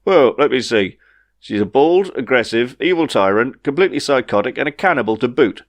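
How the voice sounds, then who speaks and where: A man's voice: mid-range voice, lively intonation, fairly quick, no room sound, lightly acted. A man voicing a gloomy, despairing man who talks in a whiny, sorrowful way in a storybook reading. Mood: dry.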